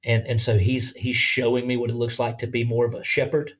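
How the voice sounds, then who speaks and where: Earnest Southern man, halting speech. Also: medium pitch, completely flat delivery. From Bible Belt, US. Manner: earnest, halting with many restarts. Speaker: pastor. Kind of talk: casual podcast conversation.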